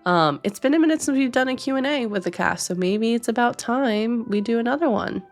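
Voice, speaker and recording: A woman game master wrapping up a stream in casual chat, upbeat and quick to laugh. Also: on the high side, expressive, soft background music.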